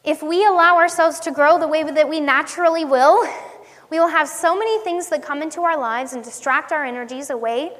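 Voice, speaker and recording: Her voice sits high and a bit bright as this woman, a ministry teacher, delivers a heartfelt devotional message. The style is conversational, with questions put to the audience along the way, all carried on a long hall reverb.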